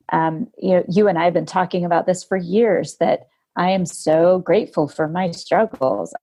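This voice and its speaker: A woman hosting a podcast, telling a personal story in a lively, conversational way. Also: fairly low pitch. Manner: animated, laughs while telling stories. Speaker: podcast host.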